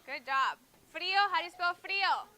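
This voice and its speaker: A woman's voice: very high-pitched, lively intonation, moderate pace, bright, forceful tone. A woman teaching a Spanish class in a school classroom, drilling students on phrases and patiently correcting their answers.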